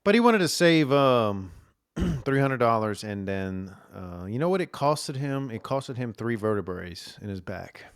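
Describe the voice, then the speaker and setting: A man's voice: medium pitch, sing-song, a little slow, smooth, no echo. A man hosting a solo podcast, telling stories in a rambling way with lots of fillers and restarts. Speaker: podcast host. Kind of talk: casual solo podcast monologue. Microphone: camera recording at a desk.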